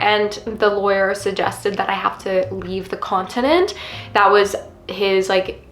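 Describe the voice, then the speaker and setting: A woman's voice: medium pitch, a bit bright. A young woman vlogging in a casual, confessional chat, earnest and rambling with many fillers. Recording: roomy with faint music behind.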